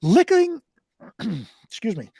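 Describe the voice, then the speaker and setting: A man co-hosting a talk radio show reads strange news items in a fairly high voice. He halts often and trips over words he can't pronounce. The sound is dry and close. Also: huge pitch swings, gravelly, warm tone, slightly rough, dry recording. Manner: halting, stumbling over hard words. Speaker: radio co-host reading news. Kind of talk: reading weird news stories on talk radio.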